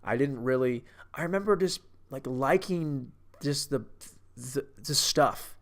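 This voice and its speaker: A man's voice: medium pitch, measured pace, a bit bright. Brash, profane man ranting about movies. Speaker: comedic movie reviewer. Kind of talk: casual comedic rant.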